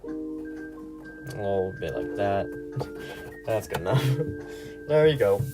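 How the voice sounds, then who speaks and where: This time he speaks slowly in a lowish, very animated voice while drawing live. Background music plays as he rambles, laughs at himself, and keeps things casual and self-deprecating.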